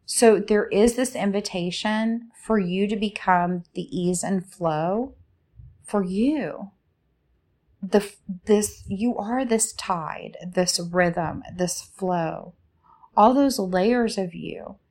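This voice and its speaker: A woman speaking as a spiritual coach in a slow, soothing, inviting way, asking many reflective questions. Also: mid-range voice, a little mellow. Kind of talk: reflective guided talk.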